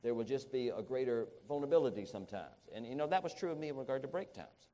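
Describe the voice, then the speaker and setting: A middle-aged man preaching a sermon, halting and restarting often, then rising to emphatic peaks. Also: mid-range voice, expressive, warm tone.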